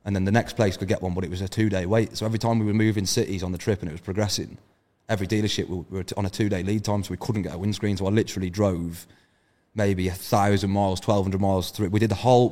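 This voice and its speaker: A man with a low voice tells stories at a rapid clip. He is brash and swears freely in casual podcast chat. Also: fairly even intonation, darkish tone. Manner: brash storytelling, heavy swearing. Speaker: podcast guest, event organiser.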